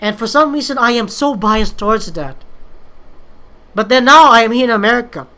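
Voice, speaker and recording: A woman's voice: on the high side, animated, normal speed, pushed and bright. A young woman from the Philippines, talking through a casual, rambling monologue, hesitant and full of fillers and restarts. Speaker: vlogger.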